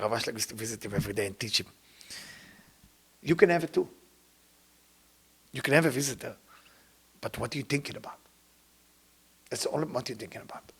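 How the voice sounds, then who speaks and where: A man teaches a spiritual lecture in gravelly, husky non-native English. His pitch swings widely as he acts out the people he describes, then sinks to a near whisper. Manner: lively, acts out quoted people, drops to a hush. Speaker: Kabbalah teacher.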